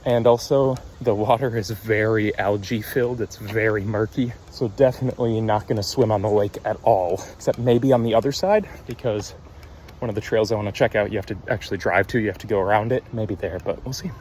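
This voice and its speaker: A man's voice: fairly low pitch, steady tone, a little fast, darkish tone, a little hiss or hum. A young man chatting upbeat and self-teasing in a casual hiking vlog, recorded on a handheld camera on a wooded trail outdoors. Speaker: vlogger.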